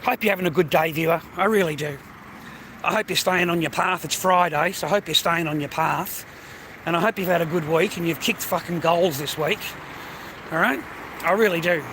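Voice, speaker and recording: Older Australian bloke hosting a livestream, high and bright voice, foul-mouthed casual rambling, faint noise behind. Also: male voice, a little fast. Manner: swears constantly, calls listener mate and bro. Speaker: livestream host. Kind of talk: casual rambling monologue to viewers.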